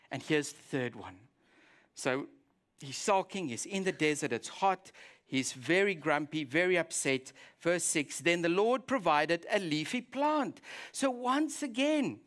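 Man pastor, animated storyteller, acts out voices in a sermon. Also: fairly high pitch, normal speed.

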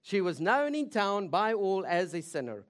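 A woman preaching a sermon who brings the story to life with rhetorical questions. Her mid-range voice swings from loud, emphatic lines to quiet, intense ones. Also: medium pitch, sing-song, normal speed.

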